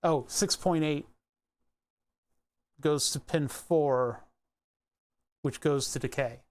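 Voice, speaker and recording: A streamer thinking aloud in a relaxed livestream, muttering to themselves, trailing off mid-sentence and often correcting themselves. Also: medium pitch, takes it slowly. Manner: muttering to self, frequent self-corrections.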